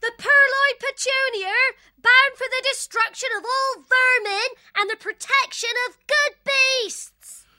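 A young otter maid calling out a slow, formal hail from her ship, as a male narrator puts her on. The voice is pitched very high and piercingly bright, shouted across the water. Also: dry recording, clean studio sound, exaggerated voice.

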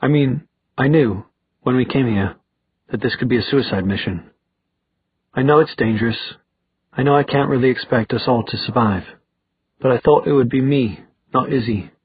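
A tired young man talks haltingly and earnestly, protective of his sister, as a man narrator voices him. His voice is very breathy and husky, and the sound is dull and dry. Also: mid-range voice, dry recording.

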